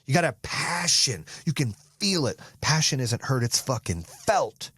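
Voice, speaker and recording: A man's voice: medium pitch, expressive, moderate pace, fairly bright tone, breathy edge, no room sound. An American man hosting a podcast, delivering an intense, profane motivational monologue. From United States. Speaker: podcast host.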